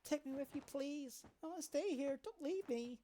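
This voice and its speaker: A woman voicing a dying young girl, with a high, tearful, begging manner. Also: sing-song, a little slow, a little mellow. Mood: pleading. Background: faint game music.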